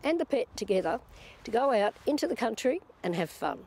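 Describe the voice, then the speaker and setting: A woman's voice: a little high, big pitch swings, a little fast, a little mellow. A woman, a dog trainer giving matter-of-fact, confident instructions outdoors. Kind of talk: casual instruction. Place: outdoors in a field. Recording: music playing underneath.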